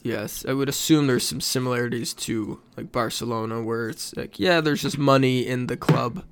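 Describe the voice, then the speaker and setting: A man's voice: mid-range voice, moderate pace, noisy background. A man co-hosting a casual sports podcast, dry and matter-of-fact as he shares details. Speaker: podcast co-host.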